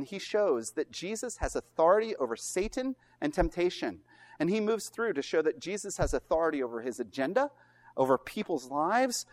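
Lively, animated preacher delivering a sermon. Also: male voice, fairly high pitch. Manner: animated storytelling with rhetorical questions; emphatic and earnest.

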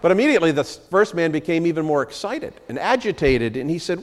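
Pastor preaching in a reverberant church. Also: male voice, fairly high pitch, very animated, fast, few pauses. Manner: earnest, with many "uh" fillers. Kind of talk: sermon with scripture reading. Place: church sanctuary.

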